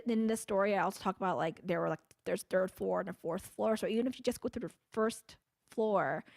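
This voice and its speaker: A woman's voice: mid-range voice, a little fast, creaky, darkish tone, dry recording. Blunt, swearing young woman podcaster. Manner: blunt, swears freely, explains the facts. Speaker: podcast co-host. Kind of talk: casual true-crime chat.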